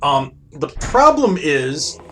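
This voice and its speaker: A man's voice: on the high side, sing-song, slow, bright, forceful tone, a little hiss or hum. A man hosting a let's play, reading game text aloud and making wry, joking asides. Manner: wry, joking asides between read-outs. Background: game music.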